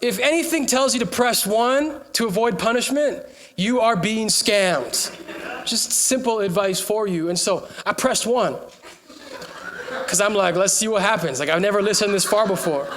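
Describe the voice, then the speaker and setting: High-voiced young pastor preaching. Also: male voice, a little slow. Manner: conversational and jokey, with bursts of shouting to the congregation. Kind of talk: sermon. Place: church hall with a congregation.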